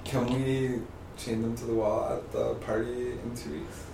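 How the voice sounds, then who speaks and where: A man co-hosting a candid podcast from a living room, joking wryly and talking with an animated delivery. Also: mid-range voice, unhurried, creaky. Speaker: podcast co-host. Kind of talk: candid casual chat. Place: living room in a city apartment. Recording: roomy room with loud street noise.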